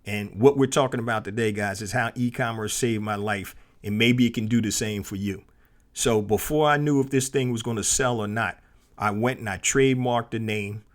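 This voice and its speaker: A middle-aged man hosts a solo podcast and tells a personal story in a loose, easygoing way. His voice sits at an ordinary mid pitch for a man, and he often trips over a word and starts again. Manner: conversational, frequent fillers and restarts. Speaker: podcast host.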